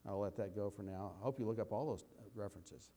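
Guy preaching bible study, mellow voice, chatty and rambly, slows way down to read verses. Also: fairly low pitch. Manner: conversational, rambling with restarts, slows to read scripture aloud. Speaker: Bible teacher. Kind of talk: sermon.

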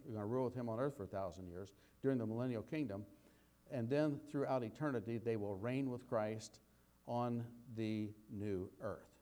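Man, sermon, mellow tone, conversational, rambling restarts, slow scripture reading. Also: mid-range voice. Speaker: Bible teacher.

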